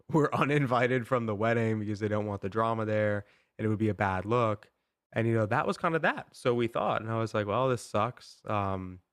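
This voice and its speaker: A man's voice: lowish voice, a bit bright, dry recording, clean studio sound. A young man hosting a podcast, telling a story in a casual, rambling way, with lots of "like" and "um" fillers. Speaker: podcast host.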